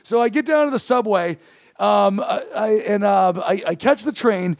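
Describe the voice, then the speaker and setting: A man, a comedian, telling a story in casual chat, animated and profane, acting out the quoted lines. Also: high voice, normal speed, gravelly, dry recording, studio quality. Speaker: comedian guest.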